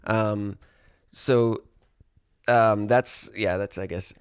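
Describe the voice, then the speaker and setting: Young male musician, relaxed rambling chat, smooth clear voice, dry close sound. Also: on the low side, drawn-out words, no echo. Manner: laid-back, rambling, many fillers. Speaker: musician guest. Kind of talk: casual chat.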